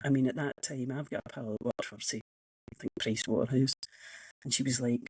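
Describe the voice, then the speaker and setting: A woman's voice: extremely low pitch, steady tone, fairly quick, a little mellow, slightly rough, no echo, rough recording. A Scottish woman in her sixties, an economics professor telling frank, self-mocking stories as a guest in a casual interview. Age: 60s.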